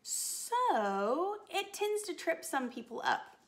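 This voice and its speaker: A woman's voice: very high voice, sing-song, takes it slowly, a bit bright. A woman voice teacher giving a singing lesson, upbeat and encouraging as she coaches a phrase.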